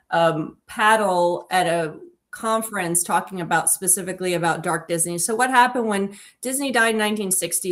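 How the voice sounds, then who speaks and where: Woman, podcast co-host, middle pitch, enthusiastic, digressive, self-correcting. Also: fairly bright tone. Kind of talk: casual film discussion.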